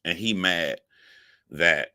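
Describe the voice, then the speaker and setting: A man telling a profane comic story, animated and laughing, jumping up in pitch for emphasis. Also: slow, no room sound, studio quality. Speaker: comedic storyteller.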